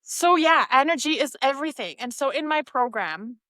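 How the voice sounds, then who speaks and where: A woman's voice: high-pitched, lively intonation, moderate pace, bright, forceful tone, no echo, clean studio sound. A woman hosting her own solo podcast, talking in an emphatic, motivational way with frequent "like". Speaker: podcast host and coach.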